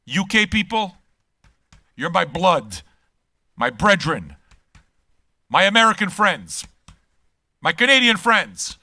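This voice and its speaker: An older man talks in a blunt, teasing, profane way as a channel host. His voice sits a bit high and sounds bright and forceful. The sound is dry and close. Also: very animated, slow, long pauses, no room sound. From Quebec. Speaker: music reaction channel host. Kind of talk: casual chat.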